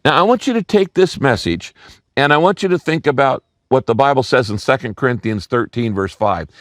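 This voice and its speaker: An older male pastor delivers a sermon in a storytelling way, playing the people in his stories and repeating his main points. His voice sits at a middling pitch. The sound is dry and close, with little room echo. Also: expressive, a little fast. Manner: storytelling preacher, acts out quoted voices, repeats key lines.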